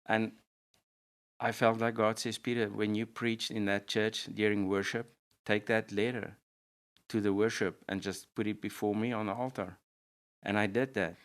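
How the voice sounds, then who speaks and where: Low, smooth-voiced man telling his story. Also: flat delivery, moderate pace. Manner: earnest storytelling with restarts. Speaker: pastor and guest. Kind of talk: personal testimony in conversation.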